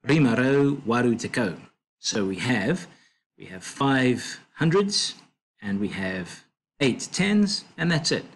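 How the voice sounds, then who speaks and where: A man tutoring a language lesson, explaining slowly and patiently with fillers and self-corrections. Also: medium pitch, expressive.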